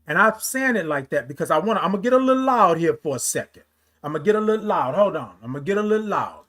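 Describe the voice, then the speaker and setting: A man's voice: sits high, big pitch swings, a little fast, fairly bright tone. A man hosting a morning livestream, greeting viewers by name and giving them a heartfelt motivational talk. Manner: preachy, talks straight to viewers, greets commenters. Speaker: livestream host.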